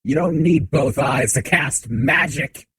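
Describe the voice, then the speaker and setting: A man streaming a game from a home setup, chatting with viewers in a relaxed, joking way into a desk mic. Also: fairly high pitch, takes it slowly, breathy edge, no room sound, low-quality recording. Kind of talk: casual game commentary. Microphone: desk mic on shock mount.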